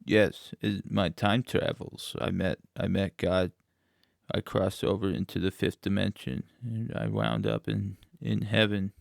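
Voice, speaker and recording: Deadpan gravelly man. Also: fairly low pitch, dry recording, studio quality. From Indianapolis, USA. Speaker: playwright guest. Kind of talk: interview.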